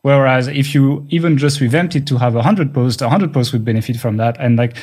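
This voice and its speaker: A man's voice: medium pitch, a little fast, darkish tone, husky. A man with a French accent, whose first language is French, co-hosting a podcast and explaining things in casual chat, thinking aloud with restarts. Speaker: podcast co-host.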